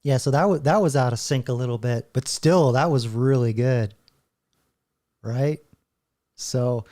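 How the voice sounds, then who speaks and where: Rambling male host, mellow voice, loose commentary. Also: mid-range voice, unhurried, pauses often. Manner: rambling, stop-start, laughing often. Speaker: channel host. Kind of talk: casual commentary while browsing videos.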